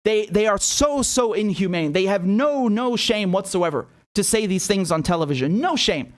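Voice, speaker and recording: A man with a fairly high voice delivers angry political commentary. He swears freely and hammers his points with repeated words. He often throws out mocking rhetorical questions. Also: expressive, normal speed. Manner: heated, profane, emphatic with many repeated words.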